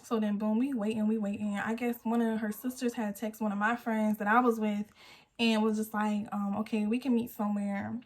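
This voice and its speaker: A woman's voice: medium pitch, level tone, fairly quick. An eighteen-year-old woman telling a storytime vlog, acting out the quotes as she goes. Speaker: vlogger. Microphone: phone camera.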